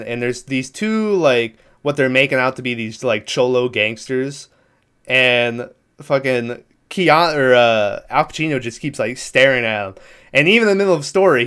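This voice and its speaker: A man's voice: mid-range voice, a bit bright, smooth. Rambling, profane man retelling a movie. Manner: rambling, profane, laughs through his retelling. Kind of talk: casual movie recap chat.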